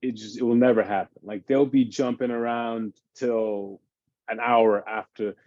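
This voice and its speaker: Warm-voiced fitness dad, dull call audio. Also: male voice, mid-range voice, unhurried, dry recording. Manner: animated, explains by acting out his kids' games. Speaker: fitness expert on a parenting panel. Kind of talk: casual panel discussion.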